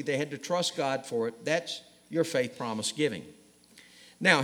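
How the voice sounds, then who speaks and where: A man preaching a sermon to his congregation in a church, emphatic and speaking to them directly. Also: fairly high pitch. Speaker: pastor. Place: church sanctuary. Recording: long reverb of a large hall.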